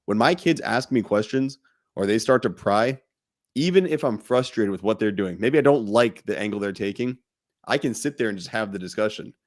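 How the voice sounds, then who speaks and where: A man's voice: lowish voice, expressive, normal speed. A man co-hosting a fatherhood podcast, chatting casually and bluntly, swearing and laughing often. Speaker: podcast co-host.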